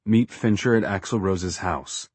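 A man narrates a first-person story in a low, husky voice, with a wry edge to his delivery. The sound is close and dry, without room echo. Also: slow pace, darkish tone. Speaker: audiobook narrator.

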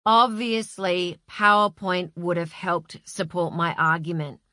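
A woman voicing a flustered man who argues loudly and then pleads. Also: medium pitch, sing-song, takes it slowly, no echo, studio quality, exaggerated voice. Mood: humble. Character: flustered middle-aged man under pressure.

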